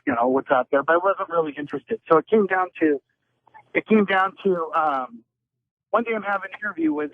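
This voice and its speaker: Guy calling in over a crappy phone line, high, gravelly, kinda rambly and earnest. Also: dry recording. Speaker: caller. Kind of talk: telling a personal story on the phone.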